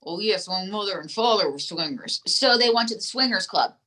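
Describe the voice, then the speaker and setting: A woman's voice: medium pitch, expressive, brisk, pushed and bright, pitched below the performer's own voice. A woman voicing an old male lounge-singer ventriloquist dummy, drawling folksy punchlines. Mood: deadpan corny.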